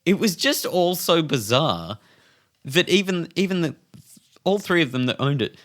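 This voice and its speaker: A young man co-hosting a podcast, telling a story in a casual, animated way, swearing freely and laughing often. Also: a little high, normal speed. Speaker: podcast co-host.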